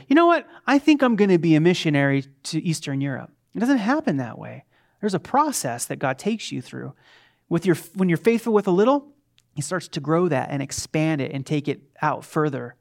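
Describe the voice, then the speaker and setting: A middle-aged man, a pastor, preaching an animated, conversational sermon with quick asides. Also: on the high side.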